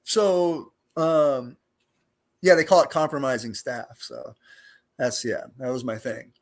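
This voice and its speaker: A middle-aged former inmate, appearing as a guest in a casual storytelling interview, rambles through his stories in loose street slang, swearing freely and leaning on fillers. His mid-range voice is expressive and he takes his time.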